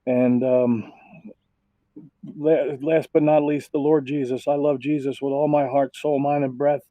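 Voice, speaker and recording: A man's voice: medium pitch, level tone, a little slow, warm tone, no echo, rough recording. A man, a sim racing driver recovering from illness, giving heartfelt, rambling thank-yous over voice chat.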